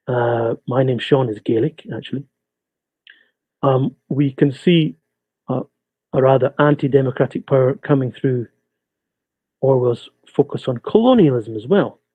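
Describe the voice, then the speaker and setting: A man from Scotland, giving a measured, explanatory webinar lecture as a guest speaker over a video call. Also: medium pitch, breathy edge, no room sound. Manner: measured, explanatory, pausing often. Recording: tinny, dry video-call audio.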